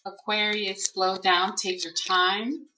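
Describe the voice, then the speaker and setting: A woman's voice: mid-range voice, flat delivery, takes it slowly. A woman giving a casual card reading, musing and hesitant, speaking aloud to Spirit with many fillers. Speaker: tarot and oracle card reader. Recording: echoey room, distant mic, faint noise.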